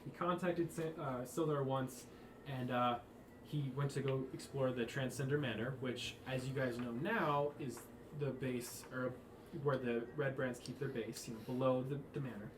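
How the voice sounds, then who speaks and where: A man's voice: medium pitch, steady tone, normal speed. A man narrating a tabletop game as game master, rambling with frequent restarts. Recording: echoey room with faint noise.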